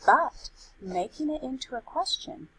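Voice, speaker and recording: A woman as a Spanish teacher, explaining grammar in a clear, explanatory tone and reading example sentences aloud. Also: sits high, animated, a little slow, pushed and bright, a little hiss or hum, rough recording. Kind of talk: recorded grammar lesson.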